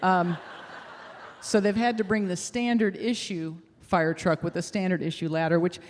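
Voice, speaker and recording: A woman's voice: fairly low pitch, steady tone, moderate pace, slight background noise. Middle-aged woman telling a story onstage, self-deprecating, laughs at herself, echoey theater. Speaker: speaker at a fundraiser showcase. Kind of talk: personal storytelling on stage. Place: theater stage.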